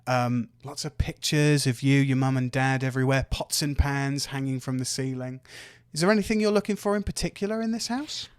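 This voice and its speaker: A man runs a tabletop game, setting scenes in an easy, meandering voice. His pitch sits mid-range and the sound is dry and close. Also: a little fast, smooth, no room sound. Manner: relaxed, descriptive, with fillers. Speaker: dungeon master.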